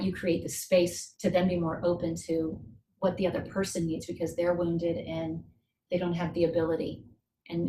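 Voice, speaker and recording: A middle-aged woman, a guest speaker on a coaching call, tells a personal story and gives advice. She speaks earnestly and reflectively, slowing down to stress key points. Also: fairly low pitch, a little mellow, a little hiss or hum. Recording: roomy echo.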